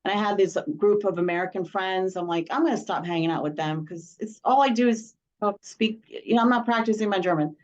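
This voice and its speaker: Animated woman telling a story over a lo-fi call. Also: mid-range voice, brisk, few pauses. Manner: animated storyteller, laughs often. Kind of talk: casual video call chat. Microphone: video call. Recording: dull lo-fi call audio.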